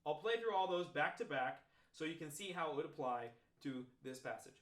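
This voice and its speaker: A man's voice: fairly high pitch, a little fast, slight background noise. Man teaching trombone practice, echoey room. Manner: relaxed, explanatory, talks through examples step by step. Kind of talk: demonstrating practice techniques. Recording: roomy echo.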